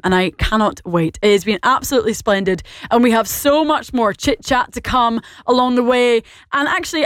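A woman's voice: a little high, dry recording, clean studio sound. A woman with an Irish accent presenting a radio show, chatty and bubbly as she reads out listener messages. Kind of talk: lively radio chat. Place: radio studio. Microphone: studio microphone.

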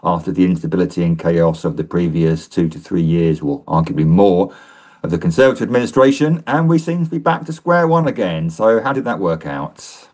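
Deep-voiced man, measured radio guest. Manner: thoughtful, measured, with lively emphasis. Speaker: think-tank fellow, guest. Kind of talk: radio interview answers.

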